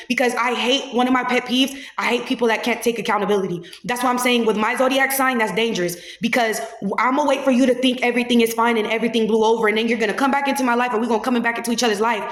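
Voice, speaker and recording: A woman's voice: on the high side, fairly even intonation, very fast, hardly any pauses. A woman host, giving blunt, profane, heated reaction commentary in a casual podcast. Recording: echoey room.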